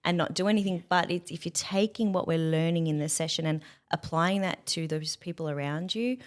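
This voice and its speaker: A woman's voice: on the low side, fairly quick. A woman hosting a conversational interview about her parenting program, affirming her guest and adding her own reflections. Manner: warm, affirming, lots of soft agreeing murmurs. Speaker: host and parenting program facilitator.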